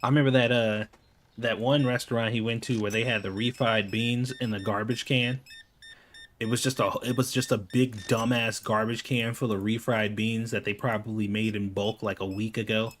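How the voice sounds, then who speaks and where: A man's voice: on the low side, flat delivery, normal speed, fairly bright tone, slight background noise. A male gaming YouTuber chatting off the cuff over his gameplay. He rambles, fills his sentences with "like" and swears casually.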